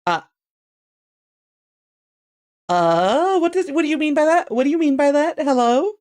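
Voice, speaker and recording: A woman's voice: sits high, expressive, unhurried, a little mellow. A woman streaming a visual novel, chatting casually and reacting aloud as she plays. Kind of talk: casual live commentary. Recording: voice over game music.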